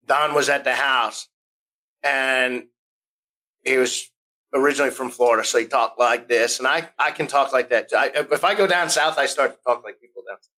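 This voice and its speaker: A U.S. man in his fifties, a guest on a podcast, tells rambling stories in a casual interview, restarting sentences and acting out the voices he quotes. His mid-range voice is bright and forceful at a moderate pace, though the audio is poor.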